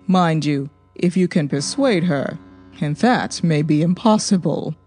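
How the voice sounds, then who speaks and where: Mellow-voiced woman reading a novel aloud. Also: deep voice, faint music behind. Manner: steady, even, measured storytelling. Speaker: audiobook narrator. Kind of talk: scripted narration.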